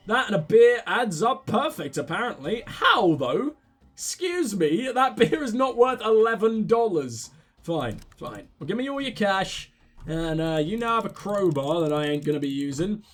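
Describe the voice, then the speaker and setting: A man hosting a let's play, joking wryly through his gameplay commentary. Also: high-pitched. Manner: wry, joking, with laughs and restarts.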